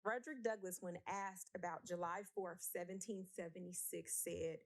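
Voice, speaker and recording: A woman's voice: on the low side, moderate pace, hardly any pauses. A woman speaking at a city council meeting, emotional, blunt and emphatic as she argues her point. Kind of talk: impassioned council meeting speech.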